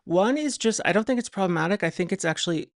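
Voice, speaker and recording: A podcast guest speaks in a casual interview at an ordinary middle pitch. The talk comes out in halting starts and restarts. The humor is dry and deadpan. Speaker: podcast guest, writer and psychotherapist.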